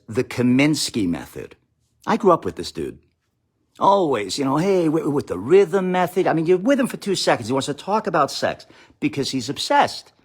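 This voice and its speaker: Man, middle-aged, comic live-stream rant, sarcastic asides, animated swooping pitch. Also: breathy edge. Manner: sarcastic, rambling asides, mock quotes. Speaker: comedian streaming live to followers. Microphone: phone or webcam live stream.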